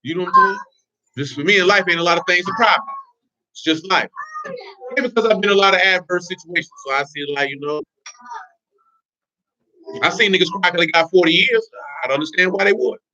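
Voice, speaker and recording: A man's voice: high-pitched, big pitch swings, fast talker, long pauses, bright, forceful tone. A man giving informal, blunt religious teaching in streetwise slang, with laughing asides. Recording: dull lo-fi recording.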